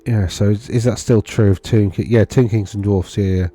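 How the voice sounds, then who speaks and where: Thinking out loud over a screen share, a wargaming video host rambles casually through tournament data and keeps correcting himself. His lowish voice is warm and steady at a normal speed, in a dry recording with soft background music.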